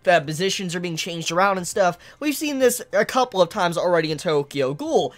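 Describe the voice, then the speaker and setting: A woman reviewing a manga chapter in casual commentary, excitable, laughing often and swearing freely. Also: a little fast. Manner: animated pitch jumps.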